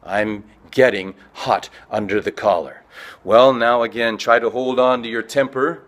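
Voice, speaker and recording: Man teaching idioms with lively pitch jumps. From from a Western English-speaking country, living in Korea. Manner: slow deliberate explanations, lively pitch jumps. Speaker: language teacher and show host. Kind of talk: bilingual language lesson.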